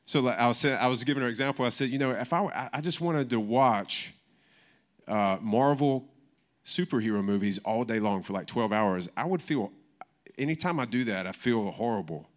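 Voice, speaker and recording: A man's voice: mid-range voice, expressive, moderate pace. A man preaching a sermon in church in a casual, conversational way, often restarting his sentences. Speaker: pastor.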